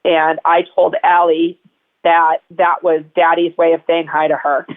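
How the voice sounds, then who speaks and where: A woman with a low voice and level tone speaks unhurriedly as an interview guest, sharing personal stories in a casual, rambling way with many fillers. The audio comes through a tinny phone line.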